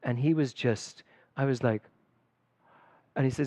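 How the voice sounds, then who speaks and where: A middle-aged man, a spiritual teacher, giving a conversational sermon full of lively personal stories. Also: medium pitch, normal speed, pauses often, dry recording. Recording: dull dry livestream sound.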